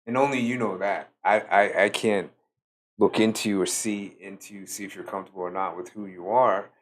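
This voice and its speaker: A tired man giving a slow, reflective solo talk as a spiritual teacher, pausing often with fillers. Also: lowish voice, steady tone. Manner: slow, musing, with many fillers.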